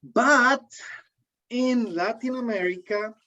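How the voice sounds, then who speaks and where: A man's voice: very high voice, slow pace, sharp tone. A man from Colombia with a Colombian accent, teaching a live online English class in a friendly, joking way and repeating key phrases. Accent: Colombian Spanish. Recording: dull lo-fi sound.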